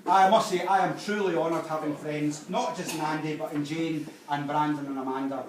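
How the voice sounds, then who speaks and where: A man's voice: a little high, steady tone, brisk, distant mic. A middle-aged Scottish man giving a best man speech at a wedding, telling cheeky jokes, heard from afar in a reception hall with guests laughing. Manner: joke-telling, cheeky, sentimental at the close. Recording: echoey hall, from afar, loud noise.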